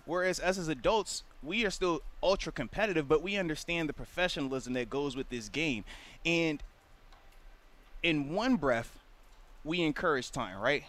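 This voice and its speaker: A man with a notably high voice talks sports as a former pro player. He is earnest and explanatory, and dips low and quiet when he drives a point home. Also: expressive, moderate pace. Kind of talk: casual sports radio chat.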